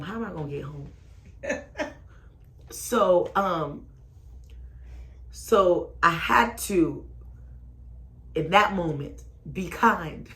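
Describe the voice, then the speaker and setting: Sassy, expressive woman with a low voice. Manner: sassy, expressive, rising to loud exclamations then dropping low. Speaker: storyteller vlogger. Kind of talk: animated personal storytelling.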